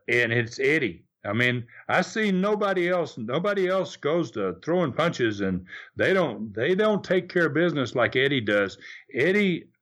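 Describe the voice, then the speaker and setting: Halting, lively-pitched older man storyteller. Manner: halting, repeats words while recounting. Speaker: guest, former wrestler. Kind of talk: storytelling in an interview.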